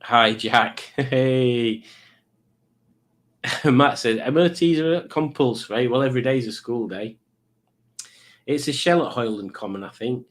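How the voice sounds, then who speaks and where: A middle-aged man hosts a live quiz stream in casual chat. He rambles, teases and pokes fun at himself. His voice sits at an everyday middle pitch. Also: a little slow, long pauses. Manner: chatty, rambling, teasing and self-mocking. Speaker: livestream quiz host.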